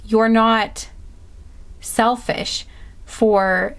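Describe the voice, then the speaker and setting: A woman's voice: on the high side, fairly even intonation, very slow. Passionate woman giving a card reading. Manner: passionate, emphatic, repeats phrases with many fillers. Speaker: tarot card reader. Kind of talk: intuitive pick-a-card reading.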